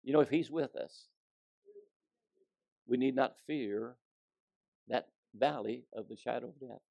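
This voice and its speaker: A man preaching a sermon, telling folksy stories and swinging between loud emphasis and hushed delivery. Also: medium pitch, a little slow, creaky. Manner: folksy storytelling with fillers.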